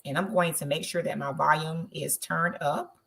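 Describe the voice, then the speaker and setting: A woman's voice: low-pitched, fairly even intonation, normal speed, gravelly, a bit bright. A woman from Southern Georgia with a Southern country accent, giving travel tips in an encouraging webinar talk and checking in often. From Southern Georgia, USA. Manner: encouraging, checks in with "okay?" again and again. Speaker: travel host.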